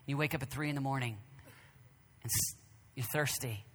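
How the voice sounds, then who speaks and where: A man preaching a sermon at a conference, emphatic and repetitive, swinging between loud declarations and hushed whispers. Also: medium pitch, moderate pace, long reverb tail. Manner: emphatic, repeats phrases.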